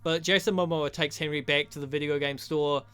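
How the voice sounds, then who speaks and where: A man's voice: a little high, fairly even intonation, a little fast, sharp tone, clear, resonant tone, faint music behind. A young man giving a rambling, profane, joking recap of a movie as a reviewer. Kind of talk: crude comedic movie recap.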